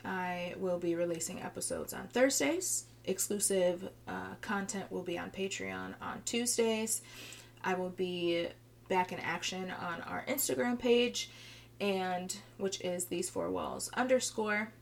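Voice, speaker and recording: A young adult woman hosting a casual solo podcast, chatty and rambling with many fillers, her voice strained and a little hoarse. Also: fairly low pitch, animated, unhurried, slight background noise. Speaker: podcast host.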